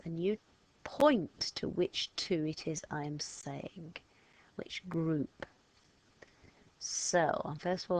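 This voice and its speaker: A woman's voice: low voice, gravelly, rough recording. A woman teaching a step-by-step lesson to children, patiently demonstrating each sound with an action. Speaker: language teacher.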